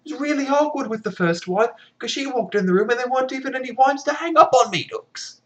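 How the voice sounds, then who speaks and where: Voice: expressive, fast talker. A narrator doing a whiny blue-bearded wife-killer. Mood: exasperated. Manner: high-pitched, petulant complaining. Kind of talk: comic storytelling.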